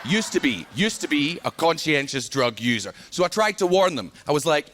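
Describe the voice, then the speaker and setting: A man with a Scottish accent from Scotland doing an animated stand-up set, telling stories with punchy asides to the crowd. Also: a little high, moderate pace. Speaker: stand-up comedian. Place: large TV studio stage before a live audience. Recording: loud audience laughter, noisy stage.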